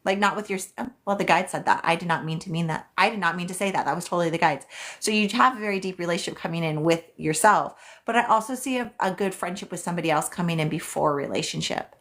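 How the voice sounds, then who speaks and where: Hosting a casual live stream as a psychic reader, a woman with a fairly low yet fairly bright voice chats quickly and loosely, packed with "um"s and "like"s. She reads viewers' questions aloud and then answers them.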